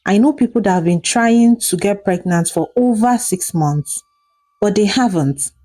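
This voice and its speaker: A woman's voice: a little slow, warm tone, natural voice. A woman voicing an anxious young man who coaxes and reassures. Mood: soothing. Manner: low, coaxing, reassuring. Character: young man, anxious boyfriend trying to soothe.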